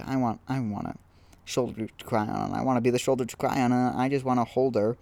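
A young man hosting a casual solo podcast outdoors, rambling and self-deprecating, with frequent halting restarts. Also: medium pitch, fairly even intonation, creaky, a little mellow. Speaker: podcast host.

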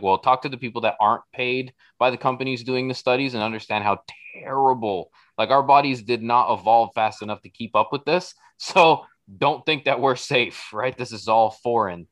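A man's voice: lowish voice, moderate pace, few pauses, fairly bright tone. A middle-aged man in a casual podcast conversation, blunt and profane, acting out little bits of dialogue as he tells stories. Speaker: podcast guest.

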